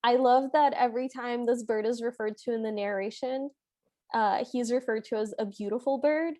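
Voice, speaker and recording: High-voiced, giggly podcast woman. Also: normal speed, warm tone, no room sound. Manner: giggly, playful, reads out scenes. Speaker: podcast co-host. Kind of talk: casual film recap chat.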